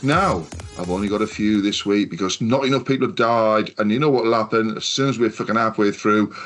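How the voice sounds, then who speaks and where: A man's voice: lowish voice, a little fast, faint music behind. A man from the UK hosting a casual podcast chat, telling stories in a rambling way and swearing often. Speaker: podcast host.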